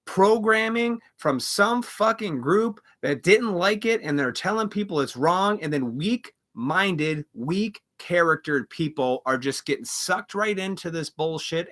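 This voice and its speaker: A man's voice: fairly high pitch, sharp tone. A man hosting a live stream, delivering an angry, profane rant full of mocking asides. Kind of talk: angry ranting monologue.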